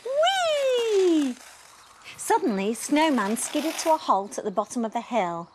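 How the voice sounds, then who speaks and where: A woman gently reading a children's bedtime story aloud in a soothing, expressive way. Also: fairly high pitch, moderate pace, heavy background noise.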